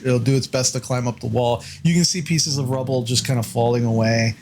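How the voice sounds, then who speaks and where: A man's voice: mid-range voice, steady tone, brisk, a little mellow, slight background noise. A man narrating as game master in a casual tabletop game, describing the action loosely with many fillers.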